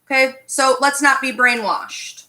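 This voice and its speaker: A woman with a fairly high, bright, forceful voice leads a live online class. She speaks directly and emphatically and keeps checking in with her listeners. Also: steady tone, unhurried, poor audio. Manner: direct, emphatic, frequent "okay?" check-ins. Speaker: psychic medium teaching an online class.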